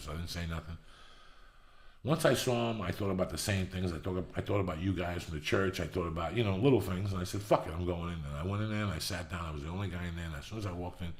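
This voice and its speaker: A middle-aged man with a gravelly, somewhat low voice tells a long personal story as a podcast host. He swears constantly and works himself up into animated, emphatic bursts. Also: fast, reverberant. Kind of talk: storytelling monologue.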